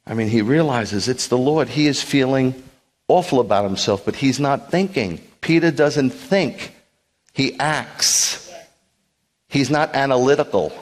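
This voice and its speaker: A man serving as a rabbi, giving an animated sermon with joking asides and acted-out quotes. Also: medium pitch, moderate pace. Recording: long hall reverb.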